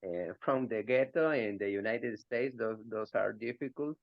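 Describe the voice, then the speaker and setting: A male student answering in a class discussion, speaking English as a with many pauses and fillers. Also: on the low side, gravelly, no echo, muffled recording.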